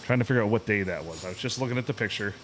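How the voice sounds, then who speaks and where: A man, hosting a podcast, telling a profane, animated story in a casual, ranting way. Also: lowish voice, very fast, slight background noise. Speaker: podcast host.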